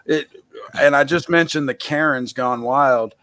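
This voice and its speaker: A man's voice: mid-range voice, unhurried, pushed and bright, dry recording. Blunt, profane man ranting, dry sound. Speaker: host. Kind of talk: casual chat.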